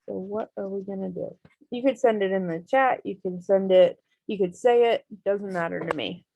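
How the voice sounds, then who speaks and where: A woman's voice: mid-range voice, moderate pace, creaky, dark tone, no room sound, muffled recording. A woman teaching an online Spanish class, explaining each step patiently with many ums.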